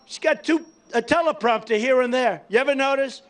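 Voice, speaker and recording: High-pitched man giving a boastful rally speech. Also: fairly quick, hardly any pauses. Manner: boastful, rambling and repetitive, sometimes shouting to the crowd. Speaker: political candidate at a campaign rally. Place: large rally venue before a cheering crowd.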